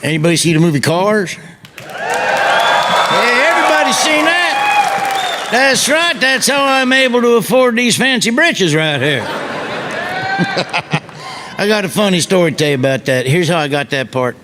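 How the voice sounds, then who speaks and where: A man's voice: sits high, lively intonation, moderate pace, a crowd in the background, background noise. A man with a Southern US accent doing a stand-up comedy set, telling rowdy stories and acting out voices on stage. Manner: rowdy storytelling, acts out voices. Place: stage before a live audience. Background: audience laughter.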